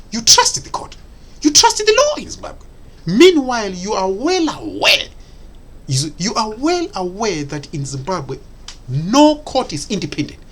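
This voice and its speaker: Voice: mid-range voice, husky. A political commentator giving an impassioned solo monologue, repeating points and asking rhetorical questions, with frequent hesitant fillers. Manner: emphatic and repetitive, with rhetorical questions.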